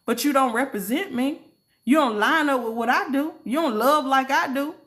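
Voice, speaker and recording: A woman's voice: high-pitched, moderate pace, a bit bright, voice pushed up. A woman voicing God as a stern, loving male divine figure who corrects firmly in plain words. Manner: firm, correcting, plain-spoken.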